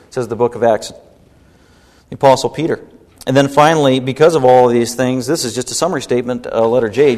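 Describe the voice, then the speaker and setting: Man preaching in a reverberant hall. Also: a little mellow. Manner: emphatic preaching, rising pitch when stirred. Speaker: pastor. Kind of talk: sermon.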